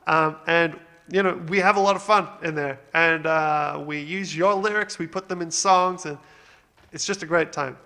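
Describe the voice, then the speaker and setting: A man's voice: on the high side, fairly even intonation, normal speed, pushed and bright, in a large hall. A man from Australia hosting a casual music production walkthrough, upbeat and rambling with fillers. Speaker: music producer, channel host.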